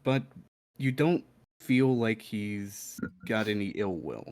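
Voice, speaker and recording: A man running a tabletop role-playing game as dungeon master, laid-back and halting, with many fillers. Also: lowish voice, darkish tone, dry recording, clean studio sound.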